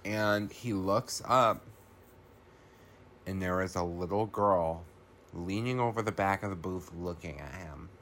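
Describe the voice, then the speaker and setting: A man's voice: low voice, measured pace, fairly bright tone, slight background noise. A man hosting a podcast, recapping a film in a loose, profane, casual way with many ums and likes.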